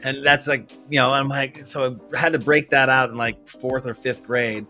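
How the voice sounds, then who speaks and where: A man's voice: mid-range voice, steady tone, normal speed, bright, forceful tone, faint music behind. A man hosting a casual remote interview, chatty and rambling, with many restarts. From Washington state, US. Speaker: interview host. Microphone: remote video call.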